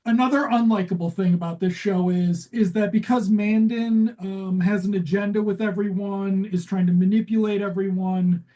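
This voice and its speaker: A woman co-hosting a comedy podcast in casual chat, sardonic and quick to swear, with sudden leaps in pitch. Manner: sardonic, swears freely, lively jumps in pitch. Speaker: podcast co-host.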